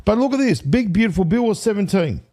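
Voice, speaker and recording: Excitable high-voiced man counting aloud. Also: quick pace. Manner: counts aloud, loses count and corrects himself; excitable, addresses viewers as ladies and gentlemen. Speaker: online video host. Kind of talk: casual commentary to camera.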